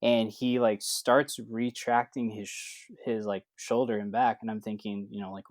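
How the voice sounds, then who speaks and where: A man's voice: on the low side, moderate pace, few pauses, no echo. A man, a certified athletic trainer, telling a story in a casual way, full of fillers, and acting out the dialogue. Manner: relaxed, acts out quoted dialogue with lots of fillers.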